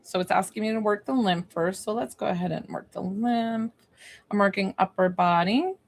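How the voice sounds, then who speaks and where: A woman hosts a live psychic reading and healing stream, her voice sitting at an ordinary middle pitch. She talks in a soft, emotional, rambling way, reassuring her listeners as she goes. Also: moderate pace, vocal fry. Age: young adult or middle-aged, a mother. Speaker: psychic medium and energy healer, live stream host.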